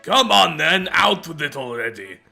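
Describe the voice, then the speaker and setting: A man voicing a boastful, burly male barbarian trainer in a mock Russian accent, gruff and teasing. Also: on the high side, very animated, moderate pace, sharp tone, faint music behind, exaggerated voice.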